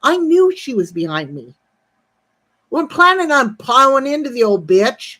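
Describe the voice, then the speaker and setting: A woman in her sixties talks casually on a livestream in a slightly high voice. She rambles and swears her way through a story and keeps pausing to greet viewers in the chat. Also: sing-song, sharp tone. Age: 60s.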